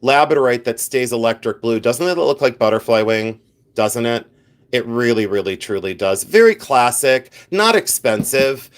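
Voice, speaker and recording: A man with a mid-range voice hosts a live vintage jewelry sale at a normal speed, his intonation lively. He rambles casually, answers viewers by name, and jokes at his own expense with bursts of playful laughter in this livestream selling chat.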